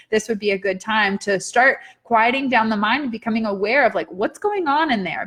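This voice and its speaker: A woman's voice: mid-range voice, fairly bright tone. A woman hosting a live stream, reading oracle cards and viewer comments in an upbeat, chatty way, swearing casually now and then. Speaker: oracle card reader, live stream host.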